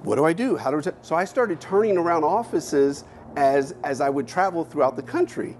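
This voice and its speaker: A man in his fifties tells his life story from a keynote stage. He speaks in a candid, animated way with casual swearing, and his voice sits a little high for a man. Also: a little fast, slight background noise.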